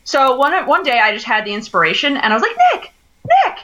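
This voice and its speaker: A young adult woman co-hosting a podcast chats casually and tells stories, laughing often and using lots of fillers, especially "like." Her voice is on the high side, quick and sharp, with slight background noise.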